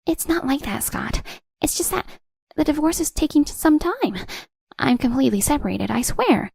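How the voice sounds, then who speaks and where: Woman doing a high whiny lying mistress. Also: sing-song, normal speed, vocal fry, a little mellow, dry recording, clean studio sound, heavily acted. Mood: defensive. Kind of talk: audiobook narration.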